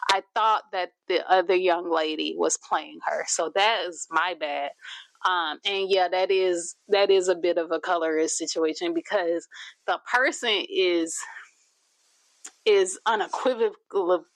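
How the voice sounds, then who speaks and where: A woman's voice: lowish voice, a little slow, dry recording. A woman hosting a reaction video, talking casually with lots of fillers and restarts. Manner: chatty, many fillers and restarts. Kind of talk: casual commentary.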